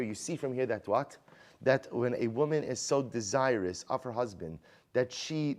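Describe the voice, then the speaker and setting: A man teaching a Talmud class as a rabbi, conversational and animated, asking rhetorical questions and mixing in Hebrew and Aramaic terms. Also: mid-range voice. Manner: conversational, many rhetorical "right?" questions and restarts; animated, swings loud and quiet for emphasis.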